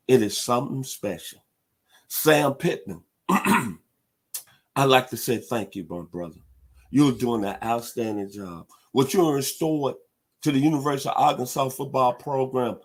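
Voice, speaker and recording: Husky man hyping college football. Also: mid-range voice. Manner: animated, preacher-like hype with loud hog calls. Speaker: sports talk show host. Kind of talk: sports talk commentary.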